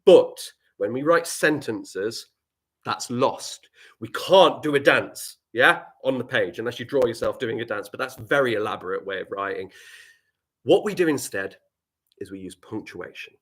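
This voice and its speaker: An English man leads a live writing lesson for young children. His voice sits mid-range and swings up and down a lot as he plays with examples. He slips into quieter asides between the teaching points. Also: medium pitch, normal speed. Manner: animated, playful, dropping to quiet asides. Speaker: primary school teacher.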